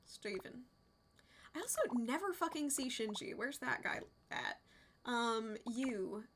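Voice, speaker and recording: A young adult woman streaming a game and chatting casually, expressive and quick to swear. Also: on the high side, slight background noise. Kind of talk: casual livestream chat while gaming.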